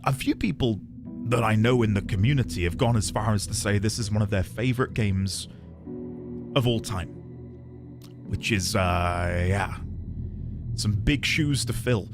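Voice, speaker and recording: A man's voice: lowish voice, measured pace, long pauses. A young man streaming a game, chatting casually and reading his viewers' messages aloud with playful mock outrage. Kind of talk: casual live-stream chat greeting viewers. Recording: faint music underneath.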